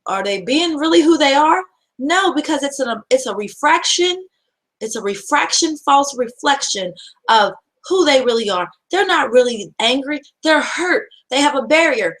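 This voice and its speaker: A woman with a somewhat high voice delivers a self-help talk. She is earnest and repetitive, and keeps asking rhetorical questions as she drives her point home. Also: expressive, unhurried, fairly bright tone, low-quality recording. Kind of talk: motivational talk.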